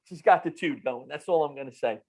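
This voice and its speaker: Enthusiastic jersey guy hosting a podcast chat, voice sits a bit high. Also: a little fast, darkish tone, slightly rough. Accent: New Jersey. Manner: upbeat, enthusiastic, playful. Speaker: podcast host. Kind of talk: casual interview chat.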